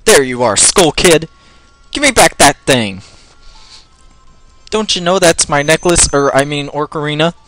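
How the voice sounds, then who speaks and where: A man giving jokey let's play commentary over his own game, excitable and quick to panicked yelling. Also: a little high, no room sound, faint music behind. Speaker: gameplay commentator.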